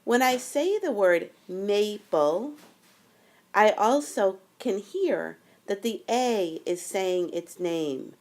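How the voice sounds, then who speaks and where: A woman talks through a phonics screencast lesson at an unhurried pace. She explains each step carefully, in a voice that sits at a middle pitch. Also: expressive, darkish tone. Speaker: teacher.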